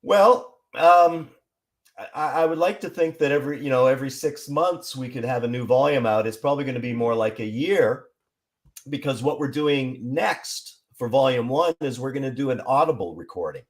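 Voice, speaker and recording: A man from Seattle, a songwriter and writer, talking on a podcast in a measured, explanatory way. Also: medium pitch. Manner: measured, explanatory, with frequent restarts. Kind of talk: casual interview chat.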